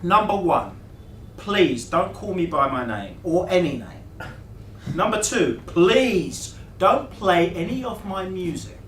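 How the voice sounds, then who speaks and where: A man voicing a brash, famous young woman who talks loudly and teasingly in a stage monologue. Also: sits high, huge pitch swings, brisk, few pauses, voice pushed up, exaggerated voice. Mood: bossy. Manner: loud, bossy and teasing. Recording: echoey room, distant mic, noise.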